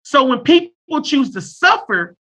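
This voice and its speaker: A man in his thirties, a therapist in casual conversation, talking loudly and bluntly with off-color jokes. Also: very high voice, very animated, a little slow. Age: 30s. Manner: loud and abrasive, blunt and joking.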